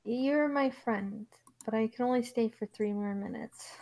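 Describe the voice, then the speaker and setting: A woman's voice: a little high, a little slow, dark tone, poor audio. A woman sits in on a friend's casual chat and complains in a sarcastic, theatrical way. Her protests sound mock-dramatic rather than angry. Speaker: guest friend.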